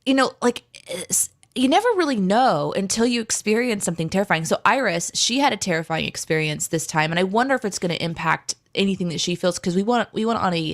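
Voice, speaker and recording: A woman in her thirties co-hosting a casual live chat, telling stories in a rambling, animated way with lots of fillers. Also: medium pitch, quick pace, few pauses. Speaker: co-host.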